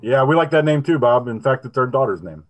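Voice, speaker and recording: A man's voice: medium pitch, expressive, fast, dull audio, slight background noise. A man from Ohio, a team captain, telling friendly anecdotes over a video call. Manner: friendly storyteller, laughs easily.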